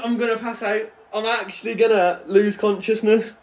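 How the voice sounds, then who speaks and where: A young man hosting a video game let's-play, excitable and given to loud celebratory shouts. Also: high-pitched, moderate pace, echoey room. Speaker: gaming channel host. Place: home room.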